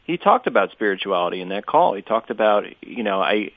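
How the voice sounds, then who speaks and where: A man who works on the show as producer, recounting details in a casual, measured podcast conversation. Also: on the low side, big pitch swings, no echo. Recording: tinny phone-like line, dry.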